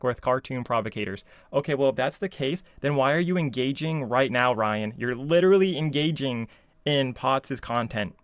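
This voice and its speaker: A man's voice: mid-range voice, expressive, moderate pace, dry recording. A man ranting casually as a video commentator, sarcastic and exasperated, full of filler words. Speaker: YouTube commentator.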